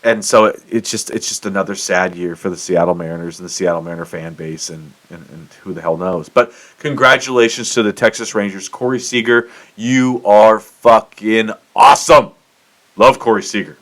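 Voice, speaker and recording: A man's voice: sits low, a little fast, fairly bright tone. A middle-aged man from the United States hosting his own show, ranting in casual commentary with swearing and self-mocking outbursts. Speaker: podcast host.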